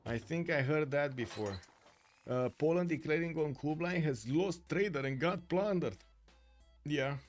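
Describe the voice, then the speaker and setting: A man's voice: on the high side, a little slow, faint music behind. Chatty Romanian man casting a strategy game. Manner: chatty, filler-heavy, often searching for words. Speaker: game commentator. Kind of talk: live-streamed strategy game commentary. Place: home streaming room.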